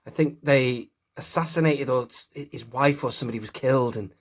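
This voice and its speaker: A man's voice: medium pitch, a little fast, slightly rough. Rambling man reviewing collectibles. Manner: chatty, rambling, many restarts and asides. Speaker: toy collector host. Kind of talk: casual toy review vlog.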